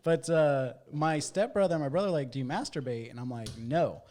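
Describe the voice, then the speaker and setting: A man's voice: fairly high pitch, lively intonation, normal speed, a little mellow, slight background noise. A man from California, co-hosting a podcast, telling stories in casual chat, laughing through them and acting out quotes. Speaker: podcast co-host.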